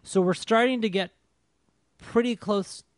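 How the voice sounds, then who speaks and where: A man's voice: high-pitched, a little slow, dry recording. Swearing, storytelling man in a dry room. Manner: animated storyteller, swears a lot, exasperated. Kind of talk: casual chat.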